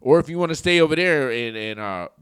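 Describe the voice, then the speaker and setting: A man's voice: a little high, animated, a little fast, fairly bright tone, smooth, dry recording. A man hosting a casual reaction video, joking crudely and rambling as he comments on clips.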